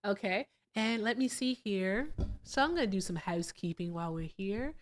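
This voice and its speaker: A woman from Virginia hosting a casual livestream, animated and gushing as she thanks viewers, jumping between loud excitement and quiet asides. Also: medium pitch, moderate pace, a little hiss or hum. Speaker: livestream host.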